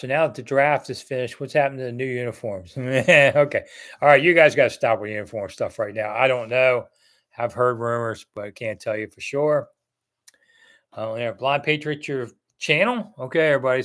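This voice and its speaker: A man's voice: mid-range voice, fairly bright tone. Male live-stream host from Washington, D.C., mid-range voice, rambling and conversational, reads and answers the chat. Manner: rambling, chatty, answering viewer comments one by one.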